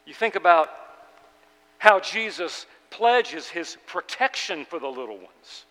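Man, pastor, sermon, earnest, loud-then-hushed delivery, lingering reverb of a large church. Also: a little high, sing-song, slow pace. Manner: earnest preaching, swinging between loud and hushed. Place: church sanctuary.

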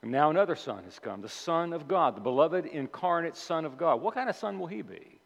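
A man's voice: fairly high pitch, lively intonation, a little fast, gravelly. A male pastor preaching a sermon with emphasis, posing rhetorical questions to his congregation in a church. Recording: long reverb of a large hall.

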